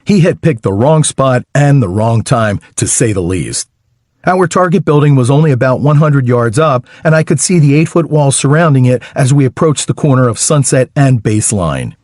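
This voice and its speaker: Male first-person audiobook narrator, wry and lively delivery, dry close studio sound. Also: mid-range voice, normal speed, no room sound.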